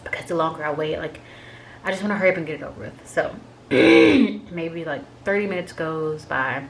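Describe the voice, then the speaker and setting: Woman vlogger, low voice, chatty candid storyteller, heavy filler "like", faint background noise. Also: moderate pace, creaky, low-quality recording. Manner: candid and emotional recounting. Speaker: vlogger sharing a health update. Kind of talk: casual personal storytelling.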